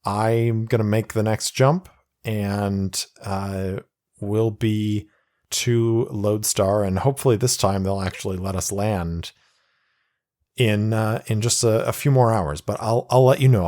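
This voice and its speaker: A man's voice: lowish voice, steady tone, unhurried, warm tone, natural voice. A man voicing an earnest, kind young male pilot who stammers and trips over his words. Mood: gentle.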